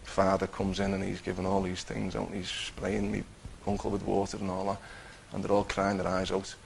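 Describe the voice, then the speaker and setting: Gravelly low-voiced man. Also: monotone, brisk, a little hiss or hum, rough recording. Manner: conversational, acts out his own quotes, many restarts. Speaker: person giving a faith testimony. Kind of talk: personal testimony storytelling.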